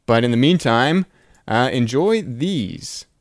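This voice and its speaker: An easygoing man hosting a podcast, his lively pitch rising and falling as he jokes with his co-host. His voice sounds dry and close, with no room echo. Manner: easygoing, quick to laugh, playful. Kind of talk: casual chat.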